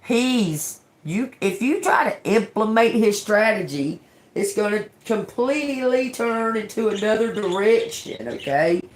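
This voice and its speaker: A woman's voice: mid-range voice, expressive, measured pace. A woman doing a casual live-stream tarot reading. She talks in an encouraging way, ends many lines with "okay?", often repeats and restarts words, and slips in joking, sarcastic asides. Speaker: tarot reader.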